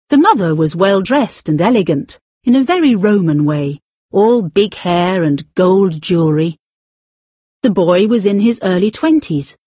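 Breathy, expressive woman narrating a novel. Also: medium pitch, dry recording, clean studio sound. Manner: expressive, with drawn-out emphasis. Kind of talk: scripted audiobook narration.

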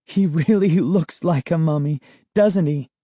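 A man voicing a frightened young girl who speaks in high, breathless whispers in an audiobook. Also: lively intonation, normal speed, dark tone, slightly rough, no room sound, studio quality, exaggerated voice. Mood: puzzled.

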